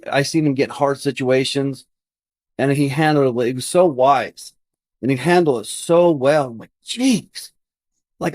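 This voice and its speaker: A man's voice: medium pitch, a little mellow, no room sound. A man in his thirties, a podcast guest, earnestly telling a personal story in conversation and acting out his own past thoughts.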